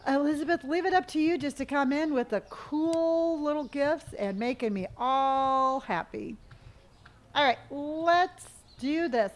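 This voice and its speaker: A woman streamer with a bright, high voice chats slowly and unhurriedly through her live game stream. She is playful and sing-song, and she gushes thanks to each viewer by name. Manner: effusive, thanking viewers one by one. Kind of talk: casual live-stream chat while gaming.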